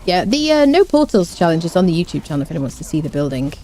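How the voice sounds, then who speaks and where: Mellow-voiced woman streamer, lively. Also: on the low side, quick pace, a little hiss or hum. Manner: chatty, rambling, hums and scats to herself, reads chat. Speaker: gaming streamer. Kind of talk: casual live-stream chat while playing.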